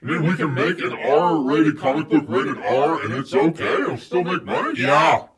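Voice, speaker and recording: A young man talks through a movie review in a loose, irreverent way, cursing casually as he goes. His voice sits a little high, and he sounds set back from the microphone. A loud crowd keeps going behind him. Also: moderate pace, distant mic. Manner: animated and irreverent, swears freely.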